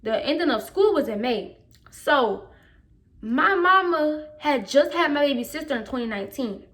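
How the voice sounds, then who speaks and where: Storytime vlogger, a woman with a higher-pitched voice, slangy, emphatic, replays her own past comments. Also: animated, normal speed, fairly bright tone. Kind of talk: casual storytime.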